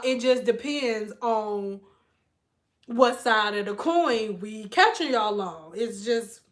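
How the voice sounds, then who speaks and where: Woman, high voice, bright tone, casual vlog chat, animated storyteller, curses freely. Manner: animated storyteller, swears freely, acts out quotes. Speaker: beauty vlogger, former hairstylist.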